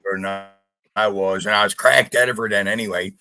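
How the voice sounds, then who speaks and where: A man's voice: lowish voice, a little fast, clear, resonant tone, faint music behind, rough recording. A man from Canada telling a gritty story in casual podcast chat, blunt and full of swearing. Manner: profane, blunt, animated retelling. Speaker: podcast guest.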